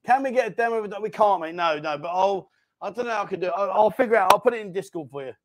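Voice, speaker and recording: A man hosting a lively live-stream chat in a bar, bossy and jokey, calling everyone mate. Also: high-pitched, racing, noisy background. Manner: jokey, bossy banter, calls people mate. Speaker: host.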